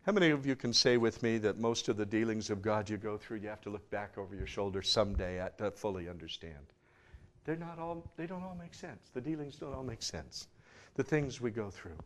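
A man preaching a sermon, emphatic, swinging from loud passages to hushed ones with dramatic pauses. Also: fairly low pitch.

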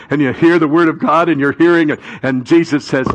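A male pastor preaching a sermon, building to loud emphatic peaks and calling the congregation to repeat after him. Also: mid-range voice, quick pace, hardly any pauses, breathy edge.

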